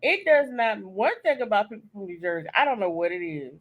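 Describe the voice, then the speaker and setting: A woman tells a story with gusto during a casual podcast chat, punching her points and getting loud as she goes. Her voice sits in a middle range. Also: medium pitch, a little fast, phone-quality sound. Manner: animated storyteller, emphatic, loud peaks. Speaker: audiobook narrator.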